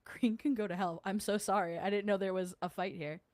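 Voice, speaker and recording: Jersey girl rambling to her stream chat, laughs a lot, mid pitch, dead dry room. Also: fairly even intonation, brisk, darkish tone, dry recording. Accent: New Jersey. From New Jersey. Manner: chatty, laughs often, mimics others mid-story. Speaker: podcast host reading live chat. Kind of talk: casual livestream chat.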